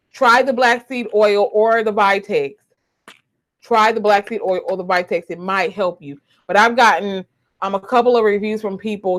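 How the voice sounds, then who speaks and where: Chatty woman on a webcam. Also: medium pitch. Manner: chatty, emotional, repeats herself. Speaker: YouTuber. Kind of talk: casual live stream chat. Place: home. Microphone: webcam or phone.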